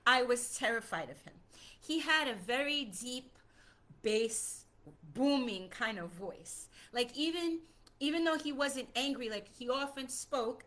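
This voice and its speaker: A woman telling a personal childhood story in an animated, conversational way, often repeating herself for emphasis. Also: fairly high pitch. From Puerto Rico.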